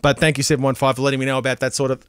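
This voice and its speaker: A man's voice: mid-range voice, racing, slight background noise. A man hosting a community radio show, chatting casually and animatedly with listeners about requests and local bands, close on a studio mic. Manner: animated, chatty, puts on voices in anecdotes.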